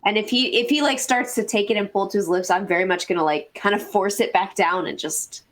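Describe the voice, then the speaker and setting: A woman's voice: medium pitch, a little fast. Hesitant woman describing her moves. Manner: hesitant, describing actions with restarts. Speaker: player. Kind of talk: tabletop game play.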